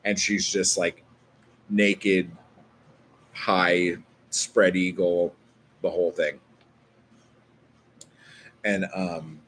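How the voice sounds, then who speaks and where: A man's voice: low voice, fairly bright tone, a little hiss or hum. A man vlogging casually, rambling through a story full of filler words and swearing.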